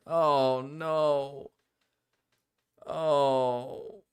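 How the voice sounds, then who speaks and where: A man live-streaming casually, reacting to videos and talking to chat, excitable and quick to yell, then sheepishly apologize. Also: mid-range voice. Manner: excitable, swings between yelling and sheepish apologies.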